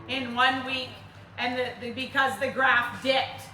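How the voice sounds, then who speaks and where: A woman fitness coach talking to a group in a lively way, asking them questions and acting out her clients. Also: high voice, measured pace, distant mic. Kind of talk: group workshop talk. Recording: roomy, from across the room, faint noise.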